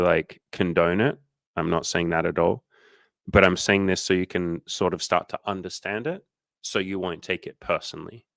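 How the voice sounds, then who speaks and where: Profane, low-voiced man coaching on livestream. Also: creaky, fairly bright tone, dry recording. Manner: profane, candid, acts out quoted people in exaggerated voices. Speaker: dating coach. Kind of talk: casual livestream coaching chat.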